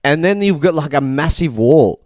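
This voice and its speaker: A man's voice: a little high, animated, normal speed, darkish tone, dry recording, clean studio sound. A young man co-hosting a podcast, musing aloud in a rambling, laugh-filled casual chat. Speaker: podcast co-host. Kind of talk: casual banter.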